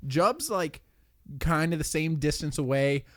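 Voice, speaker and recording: A man's voice: on the high side, unhurried. Man telling a funny anecdote. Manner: animated anecdote teller who laughs at his own stories. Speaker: podcast co-host. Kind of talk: casual chat.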